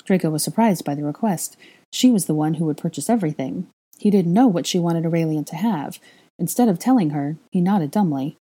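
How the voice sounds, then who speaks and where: A woman narrating a fan fiction story in a steady, plain reading voice. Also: fairly low pitch, fairly quick, breathy edge. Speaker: reader.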